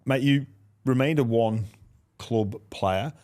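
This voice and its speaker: A man's voice: medium pitch, slow pace, a little mellow. A man hosting a podcast interview, asking friendly, hesitant questions. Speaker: podcast host. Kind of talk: casual interview.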